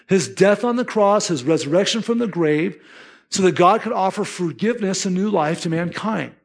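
Male pastor, higher-pitched voice, earnest emphatic sermon delivery. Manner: earnest, emphatic, acts out listeners' inner voices.

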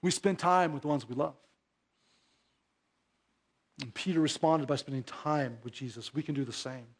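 A male pastor delivers a sermon, sinking into hushed, low asides and then rising to emphatic exhortation while putting rhetorical questions to the congregation. He speaks at a normal speed with a breathy edge.

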